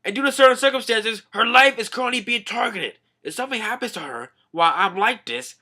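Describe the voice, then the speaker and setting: A man putting on a booming furious sea king. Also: expressive, normal speed. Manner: loud, commanding, shouting threats. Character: booming stern merman king, protective father.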